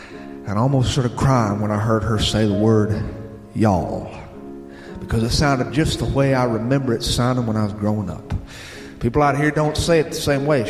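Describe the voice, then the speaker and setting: Southern male radio host reading listener mail at an easy storytelling pace; reverberant room, bluegrass music behind. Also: medium pitch. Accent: Southern American.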